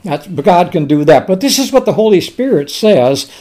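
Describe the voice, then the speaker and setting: A man's voice: sits high, sing-song, moderate pace, mellow. A man preaching a sermon with emphasis, repeating words and reading scripture aloud.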